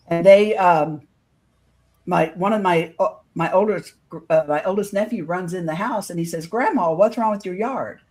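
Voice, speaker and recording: Woman telling a story in earnest. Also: fairly low pitch. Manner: earnest, quotes others in lively voices. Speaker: guest telling her own experience. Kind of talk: casual storytelling on a video podcast.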